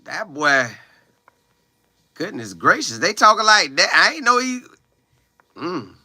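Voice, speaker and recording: Talking slowly but with great animation, a young man who plays college football answers viewer comments on his livestream in a loose, slangy, exclamation-heavy style. His high voice is bright and forceful. The studio-quality audio has no room sound.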